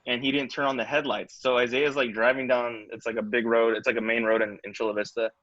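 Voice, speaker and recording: Bright young man, slightly muffled. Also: mid-range voice, little pitch movement, fast talker, no echo. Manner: loose, chatty storytelling. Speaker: podcast co-host. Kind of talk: casual storytelling chat.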